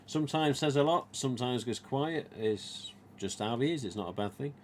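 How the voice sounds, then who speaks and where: With lively intonation and a darkish tone, a mid-range male voice with an East Midlands accent hosts a casual live stream at a moderate pace, over slight background noise. The mask collector rambles chattily and retells dialogue.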